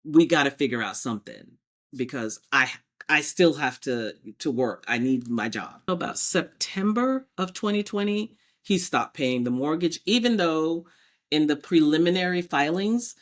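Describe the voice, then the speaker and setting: A woman as a podcast guest, telling her personal story and acting out past conversations as she goes. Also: low-pitched. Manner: animated, acts out past exchanges in quotes.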